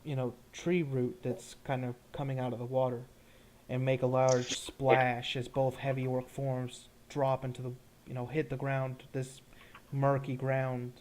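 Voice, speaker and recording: A young man narrating a tabletop game as dungeon master, halting and searching for words with frequent fillers. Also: medium pitch, little pitch movement, a little mellow, a little hiss or hum.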